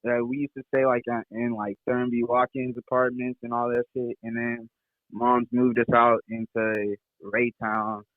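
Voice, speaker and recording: A man's voice: medium pitch, level tone, normal speed, dry recording. Chill kc rapper dude in his 20s, rambly, tinny phone sound. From Kansas City, Missouri. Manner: laid-back, rambling, lots of fillers and laughs. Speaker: rapper guest. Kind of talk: casual interview chat.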